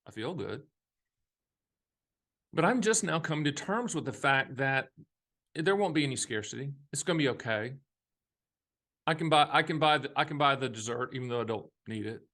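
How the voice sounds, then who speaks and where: A man's voice: mid-range voice, a little fast, sharp tone. A man in his fifties hosting a casual monologue on retirement money, folksy and emphatic, with jokey asides and a touch of a Southern accent. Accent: Southern US at times. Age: 50s. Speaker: annuity advisor and show host.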